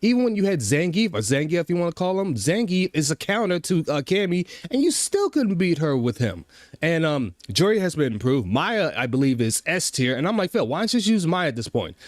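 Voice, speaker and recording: Male commentary host, exasperated and repetitive, high-pitched, dry close sound. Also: big pitch swings, fast talker, no room sound. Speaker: commentary host reacting to a streamer. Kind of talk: casual reaction commentary to chat.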